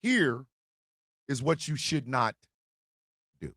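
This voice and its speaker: A man hosting a live streamed talk show, talking loudly and animatedly, often shouting and laughing. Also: mid-range voice, very animated, takes it slowly, no room sound, clean studio sound.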